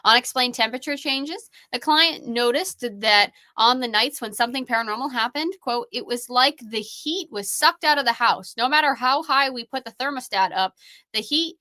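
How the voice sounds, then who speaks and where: A woman's voice: on the high side, moderate pace, sharp tone. A young woman co-hosting a paranormal show, reading a case file aloud in a playful, laughing way. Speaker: co-host, paranormal investigator.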